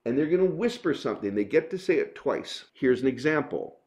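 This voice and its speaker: A man's voice: medium pitch, lively intonation, a little fast, a little mellow. A man who works as a business consultant and trainer gives an instructional talk in an emphatic, explanatory way. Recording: dull lo-fi recording.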